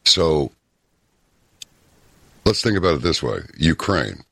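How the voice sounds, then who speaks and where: Very deep, husky-voiced man. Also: very animated, slow pace, sharp tone, dry recording. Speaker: guest. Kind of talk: casual interview talk.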